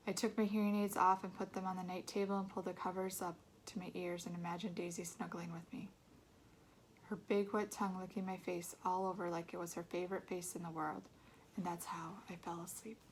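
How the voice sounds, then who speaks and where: A woman reads a children's novel aloud in a soft, intimate voice. She often sinks into a near-whisper. A faint hum of background noise sits under her voice. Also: fairly low pitch. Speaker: read-aloud narrator. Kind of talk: storybook narration.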